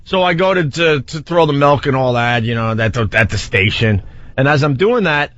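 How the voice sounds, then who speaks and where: A man in his forties hosting a radio show, telling a self-mocking story in a lively, casual way from a studio mic. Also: mid-range voice, normal speed, no echo. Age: 40s. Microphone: studio microphone. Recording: slightly dull, dry radio broadcast audio.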